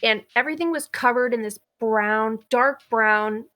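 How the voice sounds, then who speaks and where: A young woman co-hosting a podcast speaks at a measured pace in a fairly high, fairly bright voice. She chats candidly about a story she chose, laughing easily.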